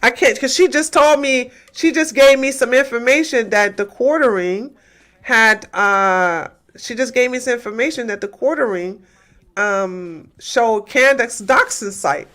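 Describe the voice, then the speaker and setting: A woman hosts a heated livestream rant, taunting her chat and firing the same questions again and again. Her voice is bright and tense, and her talk is combative and full of profanity. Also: fairly high pitch, measured pace. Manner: repeats and hammers questions. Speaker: livestream host.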